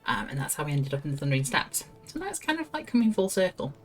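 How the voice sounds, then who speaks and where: A woman's voice: deep voice, sing-song, fast, soft background music. A woman streaming a game, chatting casually and reading quest dialogue aloud with self-mocking asides. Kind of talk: casual gameplay commentary.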